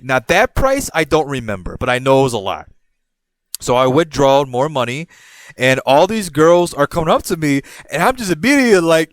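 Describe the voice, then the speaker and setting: Lively young man telling a story. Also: a little high, a little fast, no room sound. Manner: animated, laughs often, rambling with restarts. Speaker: podcast host. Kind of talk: casual storytelling.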